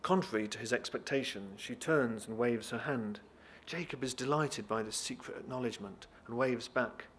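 A man's voice: mid-range voice, moderate pace, few pauses, slight background noise. Man reading a novel aloud expressively. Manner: lively expressive reading, talks briefly to listeners. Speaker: reader.

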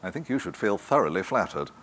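A man reading an audiobook, voicing a dry, teasing older brother with an unhurried, amused manner. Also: low voice, very animated, fairly bright tone, heavily acted. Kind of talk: audiobook character voice.

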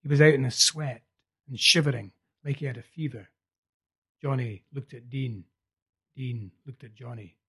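A man narrating a novel aloud in a steady, low-key way. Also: moderate pace, breathy edge. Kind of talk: audiobook narration.

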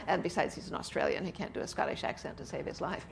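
A woman's voice: lowish voice, fairly quick, gravelly, noisy background. A woman author being interviewed on stage at a festival, talking chattily with frequent laughs and "uh" fillers. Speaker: author guest. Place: book festival event with audience.

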